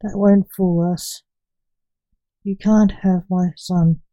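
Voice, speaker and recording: A woman's voice: on the low side, steady tone, slow pace, mellow, no room sound, low-quality recording. A woman reading a storybook, voicing an earnest, protective father on a time-travel rescue.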